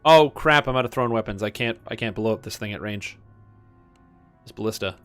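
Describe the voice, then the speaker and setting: A man's voice: on the low side, fairly even intonation, brisk, a bit bright, soft background music. A man streaming a game, chatting casually and rambling with many fillers. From Canada. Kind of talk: casual gaming chat.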